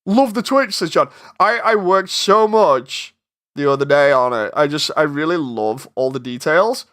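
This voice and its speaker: A man's voice: fairly high pitch, expressive, a little slow, a bit bright. A man chatting casually on a live stream while working on his animation, rambling, interrupting himself and getting exasperated.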